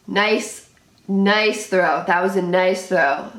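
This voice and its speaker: A woman's voice: medium pitch, slow, a bit bright, roomy sound. Anxious young woman reacting to football. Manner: anxious, exclaims and repeats herself. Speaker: sports channel host reacting live. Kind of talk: live game reaction and commentary.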